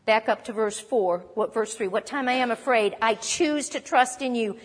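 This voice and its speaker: A woman teaching a sermon on a psalm, expressive and lively, acting out quoted lines. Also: on the high side, normal speed, in a large hall. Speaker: Bible teacher.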